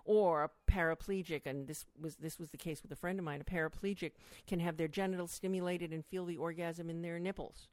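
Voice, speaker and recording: Talking fairly quickly with few pauses, a middle-aged sex educator gives an animated interview on a dry recording. She is expressive and performs quotes with big pitch leaps.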